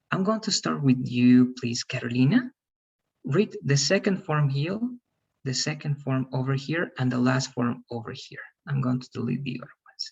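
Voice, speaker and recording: Husky male English teacher, lo-fi call. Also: medium pitch. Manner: patient, explains and models pronunciation slowly. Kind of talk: online pronunciation lesson.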